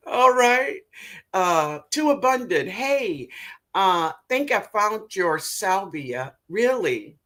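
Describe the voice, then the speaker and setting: A woman's voice: lowish voice, big pitch swings, a bit bright. A middle-aged woman hosting a gardening live stream, chatting casually with viewers and affectionately calling them baby. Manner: affectionate, calls viewers baby, unhurried drawl.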